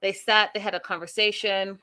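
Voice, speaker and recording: A young woman hosting a casual reality TV recap, sassy and animated, acting out the people she talks about. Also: mid-range voice, a little fast, clear, resonant tone. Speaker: recap show host.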